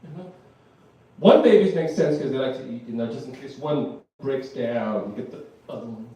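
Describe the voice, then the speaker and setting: A man's voice: mid-range voice, normal speed, warm tone. Rambling male stand-up, echoey and distant. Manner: rambling, laughs at his own jokes. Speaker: stand-up comedian. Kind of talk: live stand-up comedy. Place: live comedy show with audience. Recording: echoey room, mic far off.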